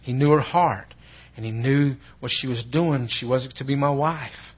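Husky man telling his testimony. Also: medium pitch. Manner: earnest, halting storytelling with repeated words. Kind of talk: personal testimony. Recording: dull lo-fi recording.

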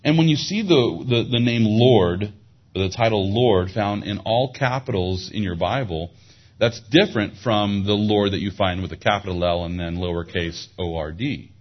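A man preaching a sermon. He teaches verse by verse, explains Hebrew words, and lifts his voice when he drives a point home. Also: moderate pace. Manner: rises in pitch and volume for emphasis. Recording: dull lo-fi sound.

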